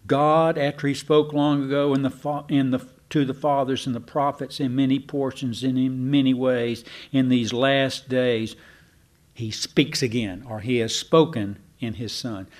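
A man with a drawl teaches from scripture in a relaxed, conversational way. His voice sits in an ordinary middle pitch. He wanders off on asides and slows right down when he wants a point to land. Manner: folksy and digressive, slows down for emphasis. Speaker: preacher.

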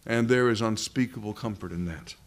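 A man's voice: fairly low pitch, brisk. A man preaching a sermon to a live congregation, earnest and emphatic, drawing out key words for stress.

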